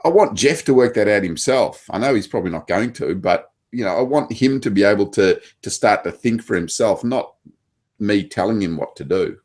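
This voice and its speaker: A man with an Australian accent and a very deep voice talks casually as a table tennis coach. He hesitates often, restarting his sentences and filling pauses. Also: expressive, darkish tone. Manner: hesitant, many fillers and restarts. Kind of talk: casual chat.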